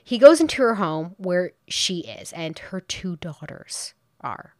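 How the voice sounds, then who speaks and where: A woman with a lowish voice tells a true crime story in a loose, chatty way. She reacts out loud as she goes and quotes people in quick put-on voices. The sound is close and dry, with no room echo. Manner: animated, quotes people in playful voices, exclaims. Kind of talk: casual true crime retelling.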